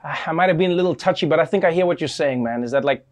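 Guy hosting a comedy news bit, kinda high voice, flustered, stammery. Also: racing. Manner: animated, flustered, stammering in bits. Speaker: late-night comedy news host. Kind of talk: scripted comedic banter.

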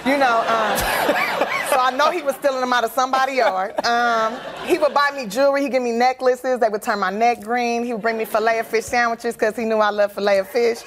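A woman guest telling comic stories from her life, animated and laughing, acting out the people in them. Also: fairly high pitch, brisk, noisy background. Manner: animated, laughing, acts out other voices. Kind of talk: comic storytelling in conversation.

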